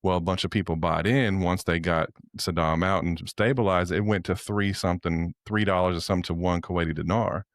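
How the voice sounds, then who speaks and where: A man with a deep, low-pitched voice tells a story in a relaxed podcast chat. He talks easily and chuckles now and then. The sound is dry and close to the mic. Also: brisk, hardly any pauses, dry recording. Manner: laid-back storytelling with chuckles. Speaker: podcast co-host. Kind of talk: casual chat.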